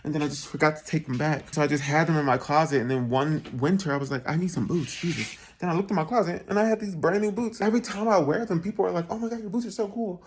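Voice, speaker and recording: Animated man telling a funny travel story. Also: a little high, fast talker, few pauses, a little hiss or hum. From New Jersey, USA. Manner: animated, self-mocking, laughs often, voices other people. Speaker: travel vlogger. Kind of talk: casual storytelling to camera.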